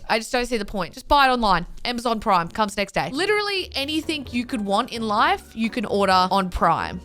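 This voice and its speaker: A young woman in her twenties, talking in a casual comedic vlog, animated and exasperated, acting out her own reactions. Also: a little high. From Australia. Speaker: vlogger.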